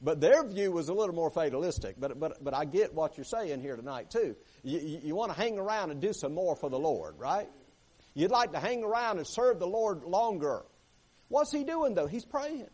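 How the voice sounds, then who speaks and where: A man's voice: fairly high pitch, sing-song, normal speed, a little mellow, breathy edge. A man preaching a folksy sermon, acting out prayers and often repeating words as he goes. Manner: folksy, repeats words, acts out prayers, rises and drops in volume. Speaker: pastor.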